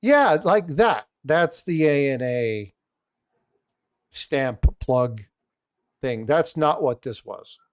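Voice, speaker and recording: Casting: man, casual coin-channel host, rambling and restarting, mid pitch, dry close sound. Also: animated, drawn-out words, long pauses, no echo. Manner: rambling joke-telling, many restarts. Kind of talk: casual chat.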